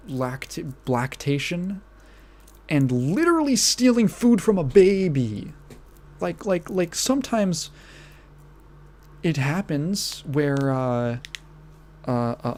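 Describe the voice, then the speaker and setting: A podcast host delivers an unhurried, casual rant. The voice sits at a middle pitch and keeps circling back to the same phrases, incredulous and swearing freely. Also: a little mellow. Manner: outraged, incredulous and profane, repeating phrases, with bursts of laughter.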